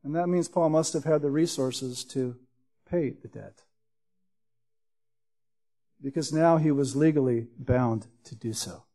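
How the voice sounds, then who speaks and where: A man preaching and teaching verse by verse through a Bible passage, in a measured, explanatory way with emphatic scripture quotes. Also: mid-range voice, warm tone.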